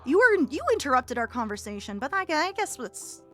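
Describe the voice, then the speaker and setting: A woman's voice: high voice, very animated, fairly quick, soft background music, pitched above the performer's own voice. A woman voicing a chatty male shop that is a face carved into an alley wall, talking down at a lost visitor. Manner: chatty, talks down at the listener.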